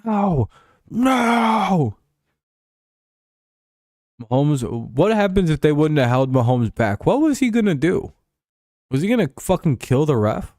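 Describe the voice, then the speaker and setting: A man's voice: a little high, sing-song, normal speed, mellow, no room sound, clean studio sound. A man chatting casually on a livestream about sports, rambling, swearing and chuckling as he answers his chat. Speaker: streamer.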